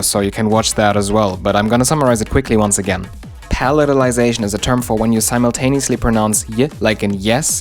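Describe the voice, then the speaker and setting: A man explaining how accents work in a casual, wry teaching style. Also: fairly low pitch. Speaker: linguistics teacher. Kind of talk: explanatory video lesson.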